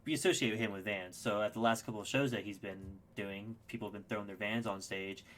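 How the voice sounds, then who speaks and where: Fast-talking low-voiced young man. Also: slight background noise. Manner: excitable, swears freely, many fillers and restarts. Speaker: podcast guest. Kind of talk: casual storytelling.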